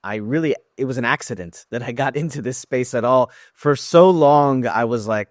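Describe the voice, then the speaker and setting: A man's voice: medium pitch, moderate pace, hardly any pauses, no echo. Earnest man, dry close mic. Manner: earnest, thoughtful, with frequent restarts. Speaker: podcast guest, educator. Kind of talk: conversational interview.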